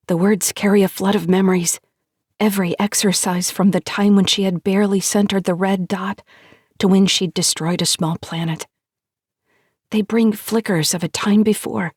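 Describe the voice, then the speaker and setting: A woman narrating an audiobook in a measured, hushed storytelling manner on a close studio mic. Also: mid-range voice, husky, no echo.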